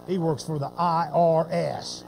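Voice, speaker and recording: A man's voice: level tone, unhurried, creaky, a little hiss or hum, poor audio. A man preaching voices a sly male disciple muttering suspicious gossip about a companion. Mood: gossipy. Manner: very low, muttering.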